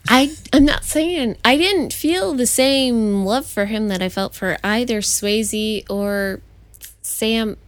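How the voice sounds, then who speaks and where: A woman guest in a casual podcast chat, animated and laughing easily. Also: fairly high pitch, takes it slowly, dry recording.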